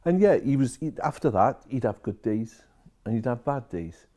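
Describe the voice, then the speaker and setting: A man's voice: mid-range voice, lively intonation, moderate pace, mellow. A man, a social care worker telling a story to camera and retelling each conversation line by line.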